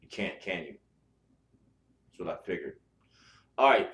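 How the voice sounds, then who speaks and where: Recorded in an echoey room, this spiritual podcast host talks bluntly and swears in a loose, chatty way, restarting himself often. His low-pitched voice is fairly bright and a little slow, with lively intonation.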